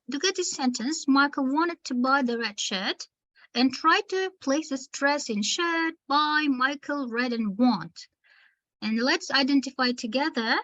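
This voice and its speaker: A woman teacher trainer with a high-pitched voice leads a webinar for teachers. She speaks slowly and deliberately, pausing between words to model stress. The sound is dull and lo-fi, like a computer mic on a video call. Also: fairly bright tone. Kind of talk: online webinar lesson.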